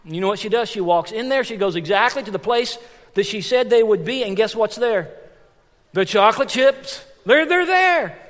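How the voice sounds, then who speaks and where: High-pitched male pastor, lively storytelling sermon, long church-hall reverb. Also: normal speed. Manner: animated, storytelling with frequent restarts and repetitions.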